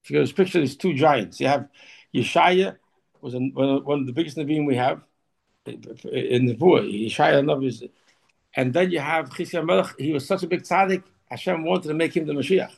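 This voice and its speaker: Gravelly, husky man giving a Torah talk. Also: on the high side. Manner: halting, repeats words, emphatic exhortations. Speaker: Torah teacher.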